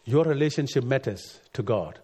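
Husky-voiced preacher, earnest and emphatic. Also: male voice, lively intonation, normal speed, dark tone. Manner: earnest, rising to emphatic peaks then dropping low. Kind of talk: sermon.

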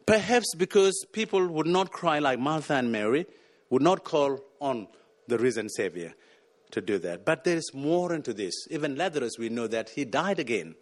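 A man's voice: mid-range voice, very animated, normal speed. A man preaching a sermon, emphatic and repeating words as he searches for them.

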